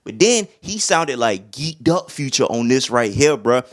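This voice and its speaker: A man's voice: mid-range voice, unhurried. A young man giving a casual, slang-heavy album review, often breaking into humming and rapper imitations. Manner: animated, slangy, hums beats and imitates rappers. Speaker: music reviewer.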